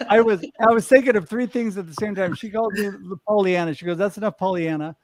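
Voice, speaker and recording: A man's voice: high-pitched, quick pace. A middle-aged man hosting a casual panel chat over a video call, upbeat and telling stories about himself with self-deprecating humor. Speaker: host.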